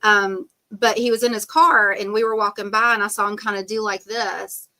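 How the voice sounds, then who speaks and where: Bright-voiced chatty woman. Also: medium pitch, little pitch movement, normal speed. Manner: chatty, rambling, full of "um" and "like", laughs often. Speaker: podcast guest. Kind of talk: casual storytelling interview.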